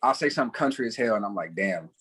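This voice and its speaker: A man's voice: mid-range voice, expressive, racing, fairly bright tone, a little hiss or hum. A young man from West Virginia co-hosting a podcast, telling stories casually and laughing often. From Huntington, West Virginia. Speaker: podcast co-host. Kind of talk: casual chat.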